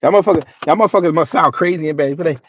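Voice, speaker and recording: Slangy, animated man reacting to clips. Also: a little high, rapid-fire, dull audio. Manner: animated, slangy, laughs often. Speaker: reaction video host. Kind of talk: casual reaction commentary.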